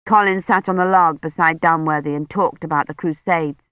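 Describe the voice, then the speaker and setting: Female audiobook narrator, measured storytelling, lowish voice, dry close read. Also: fairly even intonation, smooth, no room sound. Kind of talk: scripted narration. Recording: muffled dry studio recording.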